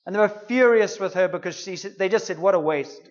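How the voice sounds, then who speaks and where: A man's voice: sits high, fast talker, lo-fi sound. A man preaching a sermon, retelling a story in an earnest, conversational way.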